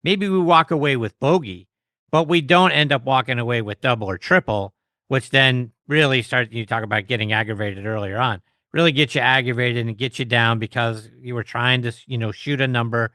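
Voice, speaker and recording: A man's voice: medium pitch, fairly quick, pushed and bright, no room sound, studio quality. A man hosting an interview, talking casually and self-deprecatingly with frequent restarts. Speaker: host.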